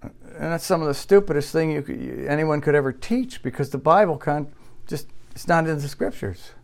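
A man preaching a sermon in earnest, building to loud, high passages and then dropping low and quiet, often restarting his phrases. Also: normal speed, gravelly. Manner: repeats himself and restarts phrases. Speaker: pastor.

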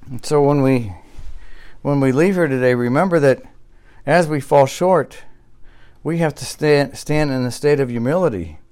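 Male pastor preaching, smooth and resonant, builds loud then drops soft, restarts lines. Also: normal speed. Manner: earnest preaching that swells loud and high, then drops low and quiet; repeats himself and restarts phrases. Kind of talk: sermon.

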